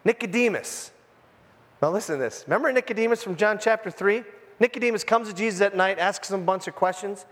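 A man with a notably high voice preaching a casual, animated sermon to his congregation. He talks informally and tosses in jokey asides. A long reverb from the church hall trails each phrase. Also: brisk. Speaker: pastor. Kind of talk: conversational sermon. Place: church sanctuary.

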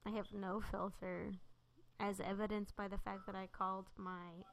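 A woman's voice: mid-range voice, little pitch movement, moderate pace, creaky, a little hiss or hum. A young adult woman co-hosting a podcast, tired and blunt, with dry sarcastic humor. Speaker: podcast co-host. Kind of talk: casual chat.

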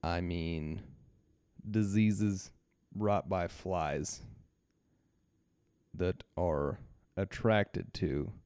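A man's voice: sits low, extremely slow, long pauses, darkish tone, no room sound. A man co-hosting a podcast, telling a story in casual chat, rambling with restarts and frequent laughter. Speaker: podcast co-host.

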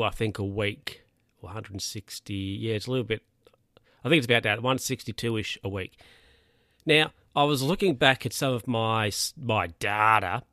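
A young Australian man hosting his own podcast, talking casually in a relaxed, rambling way with lots of fillers and restarts. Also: medium pitch, no room sound, clean studio sound. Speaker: podcast host. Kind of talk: casual solo podcast chat.

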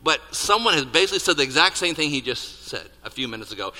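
Animated male preacher in a reverberant hall. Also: on the high side, fast, few pauses. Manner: animated, rising to near-shouts on emphasis, dropping to hushed asides. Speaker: pastor. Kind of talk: sermon.

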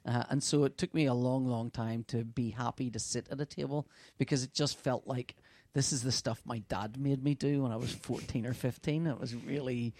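A man's voice: medium pitch, fairly even intonation, normal speed, darkish tone, dry recording. A middle-aged man, a comic artist, chatting casually and telling stories animatedly, stammering and laughing often. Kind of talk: casual podcast chat.

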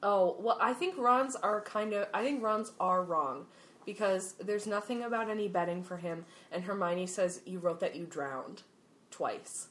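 A woman's voice: medium pitch, normal speed, fairly bright tone. Woman co-host, playful and giggly, casual fan chat. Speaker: podcast co-host.

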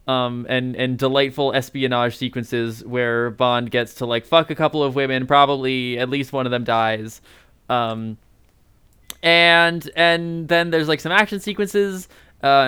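A man explains things at length on a casual podcast, rambling and swearing, with plenty of ums along the way. His voice is very smooth and resonant. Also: medium pitch, a bit bright, dry recording. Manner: rambling, profane, many fillers. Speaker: podcast co-host.

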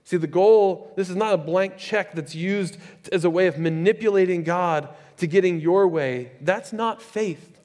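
A male pastor with a high-pitched voice preaches in a lively, conversational way, breaking off into casual asides. His voice carries through a large hall with a long reverb tail. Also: a little slow, few pauses. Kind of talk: sermon.

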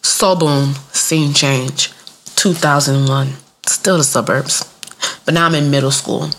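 A woman in her thirties telling a comic story about her childhood, profane and playful, jumping into high squeaky voices for the people in it and laughing at her own jokes. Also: takes it slowly, slight background noise. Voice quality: animated, acts out voices in high squeaky pitch. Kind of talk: storytelling stand-up routine.

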